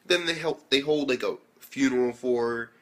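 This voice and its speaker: A man's voice: mid-range voice, steady tone, normal speed. A man giving a rambling, profane spoken anime review, acting out characters' lines as he retells the episode.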